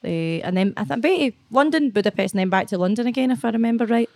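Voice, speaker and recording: A woman's voice: on the high side, animated, very fast, a little mellow, dry recording. A young woman with a broad Scottish accent, chatting as a podcast guest. She talks bluntly, swears freely and laughs easily. Her voice sits dry and close to the mic. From Scotland. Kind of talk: casual interview chat.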